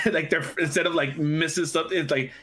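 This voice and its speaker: A man's voice: a little high, brisk. A man co-hosting a casual podcast, telling funny stories and acting out the people in them. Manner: animated, acts out quoted voices while telling stories. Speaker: podcast co-host. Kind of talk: casual chat, storytelling.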